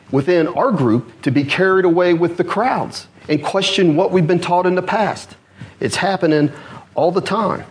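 A man preaching an expository sermon, asking his listeners questions, answering them himself and repeating key words for emphasis. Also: fairly high pitch.

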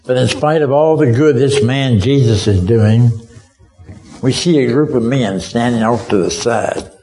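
A man's voice: medium pitch, measured pace, mellow, rough recording. A man preaching a sermon as a vivid story, speaking as a witness and asking his listeners directly whether they can see it.

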